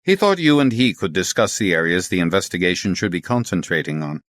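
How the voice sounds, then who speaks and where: A man voicing a polite, measured police colonel with formal, courteous speech. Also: deep voice, animated, fairly bright tone, dry recording, studio quality.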